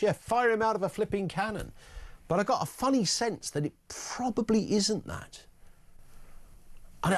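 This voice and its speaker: Blunt British talk radio host. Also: male voice, on the high side. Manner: blunt, conversational, jokey asides. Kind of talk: opinion monologue and phone-in. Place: radio studio.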